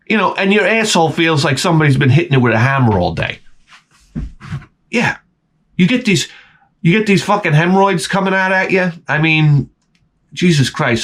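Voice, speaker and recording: With a fairly high, slightly bright voice, this channel host in his forties delivers a comedic rant full of swearing. He grumbles constantly and leaps between complaints.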